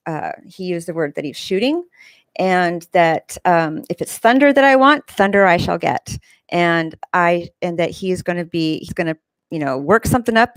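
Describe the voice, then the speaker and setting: A woman's voice: dry recording, poor audio. A woman hosting her own show, telling a long story in a casual, rambling way, with lots of fillers and restarts. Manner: mimics people in high squeals. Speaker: host. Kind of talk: casual monologue.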